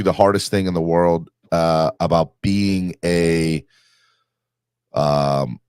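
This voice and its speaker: A man's voice: sits low, no room sound, clean studio sound. A man hosting a sports podcast, talking earnestly in a rambling way with many fillers. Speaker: podcast host. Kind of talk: casual sports podcast chat.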